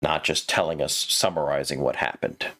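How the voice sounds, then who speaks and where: A man's voice: very deep voice, fairly even intonation, moderate pace, bright, forceful tone. A man giving a comedic critique of a manuscript, sarcastic, laughing often and stammering through restarts.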